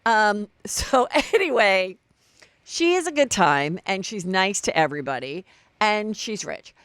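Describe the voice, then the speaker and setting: A woman's voice: medium pitch, fairly bright tone, clean tone, no echo. A woman hosting a solo celebrity gossip podcast, chatty and gossipy, acting out what people said. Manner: chatty, gossipy, acts out quotes. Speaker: podcast host.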